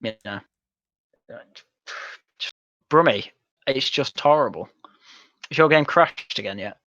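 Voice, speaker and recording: Gaming on stream, a young man from Manchester, England swears and mocks in blunt casual chat. His mid-range voice is expressive and slightly bright at a moderate pace, in a dry, lo-fi recording.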